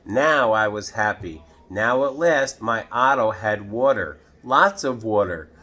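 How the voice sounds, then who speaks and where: A man reading a picture book aloud to children, pausing to ask the listener questions. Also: lowish voice, animated, pushed and bright, lo-fi sound. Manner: slow, asks the listener questions. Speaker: children's storytime reader.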